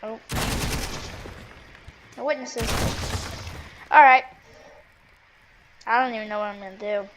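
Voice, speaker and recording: Woman playing a game and reacting out loud, highish voice, lots of game noise behind her. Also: slow, pauses often, highs cut off. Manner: reactive, talks to herself, bursts of excited yelling. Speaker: gameplay streamer. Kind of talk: casual gameplay commentary.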